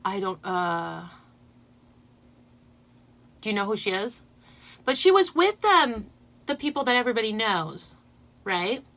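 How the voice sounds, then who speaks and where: A woman hosting a casual livestream, chatting excitedly with her viewers and laughing as she talks. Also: mid-range voice, a little slow, long pauses. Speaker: channel host.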